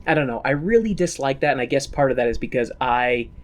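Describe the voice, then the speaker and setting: A man's voice: medium pitch, lively intonation, quick pace. A man co-hosting a podcast, recapping a musical in casual, joking, profane chat and slipping into mocking put-on voices. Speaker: podcast co-host.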